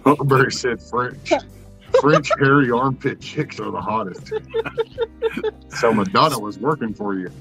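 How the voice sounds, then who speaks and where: A man in casual banter, throwing in quick teasing wisecracks. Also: medium pitch, a bit bright, faint music behind, rough recording.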